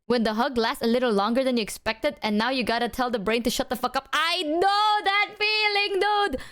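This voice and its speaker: A woman's voice: a little high, quick pace. A young woman streamer chatting casually with her viewers, telling stories with slang and swearing and acting out what her friends said. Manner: animated storytelling, acting out quoted friends.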